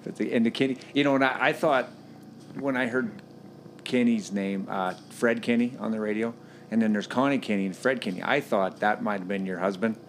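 A man's voice: lowish voice, steady tone, slight background noise. A man hosting a podcast, chatting casually with a guest, often stumbling over restarts. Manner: halting, stumbling restarts, laughs easily. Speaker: podcast host interviewing a guest. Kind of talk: casual interview chat.

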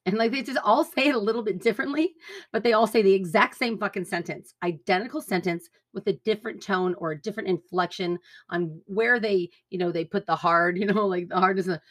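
A woman's voice: mid-range voice, moderate pace, a bit bright. Woman podcaster, angry rambling rant, heavy swearing. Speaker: podcast host. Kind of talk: political rant monologue.

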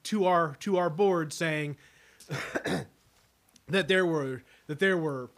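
A man's voice: on the high side, takes it slowly, a bit bright. A man speaking in casual chat, chatty, with frequent restarts.

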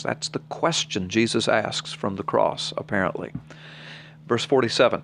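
On a podcast with slight background noise, a male preacher with a mid-range voice reads scripture aloud. He explains it plainly and earnestly to his co-host, making the Bible teaching feel personal.

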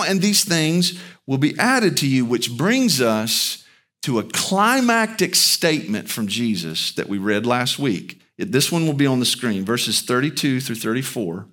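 A man preaching a sermon as pastor, emphatic, with rhetorical questions to the congregation. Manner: animated preaching with big pitch swings, slow and emphatic.

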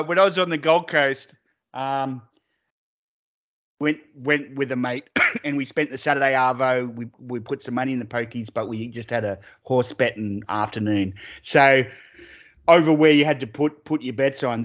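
A man's voice: medium pitch, moderate pace, fairly bright tone, dull audio. An Australian man co-hosting a podcast, rambling through stories with lots of swearing and laughter. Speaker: podcast co-host. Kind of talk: casual chat.

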